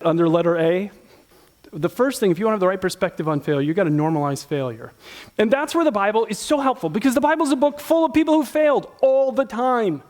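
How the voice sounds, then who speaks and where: A man's voice: high-pitched, animated, fast talker, a little mellow. A middle-aged man preaching a sermon in a church, talking casually and acting out Bible characters as he teaches. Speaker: pastor.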